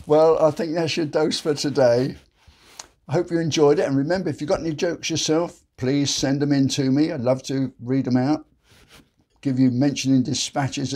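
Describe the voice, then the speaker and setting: Man, joke show host, chatty storyteller, slightly husky, mid-pitched. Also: darkish tone. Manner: chatty storyteller, folksy and chuckling. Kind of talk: casual joke telling to camera.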